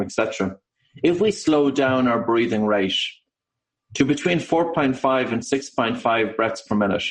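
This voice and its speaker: An Irish man of middle pitch, calmly setting out facts as an interview guest. He speaks in a measured, explanatory way with the odd um. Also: rough recording. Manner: measured, explanatory, with occasional ums. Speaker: author and breathing coach.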